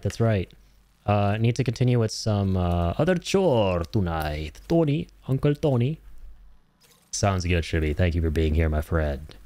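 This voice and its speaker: A young adult man streaming a game, chatting casually, animated and joking, with casual swearing. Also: on the low side, dry recording. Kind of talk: casual gameplay commentary.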